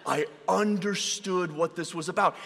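A man preaching a sermon in a relaxed, conversational storytelling way, acting out the voices of people in his stories. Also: high-pitched, measured pace, vocal fry. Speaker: pastor. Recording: reverberant hall.

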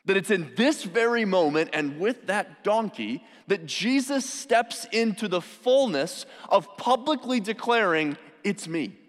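Man, pastor, sermon, emphatic, rhetorical questions, fairly high voice, long hall echo. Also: expressive, unhurried, hardly any pauses.

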